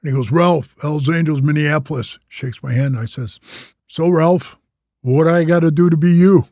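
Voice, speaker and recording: A man's voice: a little high, normal speed, warm tone, no room sound, studio quality. An older man from Wisconsin, a former biker club president, telling long rambling stories in a casual, slangy way. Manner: rambling, slangy, says "bro" and "man" a lot. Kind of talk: casual storytelling.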